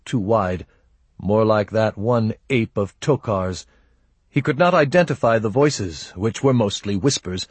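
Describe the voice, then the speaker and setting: A man narrating an audiobook in a steady, measured reading style. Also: fairly low pitch, breathy edge, no echo.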